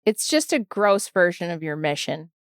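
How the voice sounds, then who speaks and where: A woman's voice: fairly low pitch, very animated, moderate pace, smooth, dry recording, clean studio sound. A woman nonprofit attorney co-hosting a casual podcast chat, snarky and ranty, sounding a bit tired.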